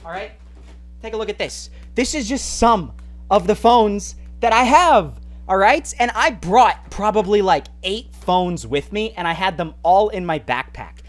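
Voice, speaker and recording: Animated man telling a vlog story. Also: high-pitched, a little slow. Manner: animated, lots of fillers like "like" and "right?". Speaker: mobile gaming YouTuber.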